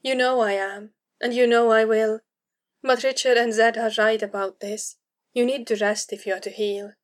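A woman's voice: a little high, normal speed, close to an everyday voice. A woman playing a tender, protective companion. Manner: soft, reassuring, steady.

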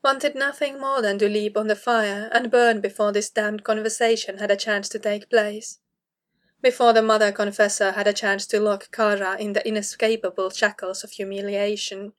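A woman reads a piece of fan fiction aloud as an audiobook, steady and measured like a narrator. Her voice sits at a middling pitch for a woman.

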